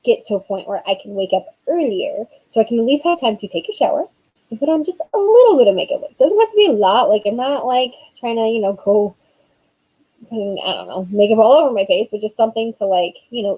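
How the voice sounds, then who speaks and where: A woman's voice: medium pitch, expressive, a little fast, dark tone, breathy edge, low-quality recording. A woman in her thirties, an author chatting casually on a live stream, rambling with lots of fillers.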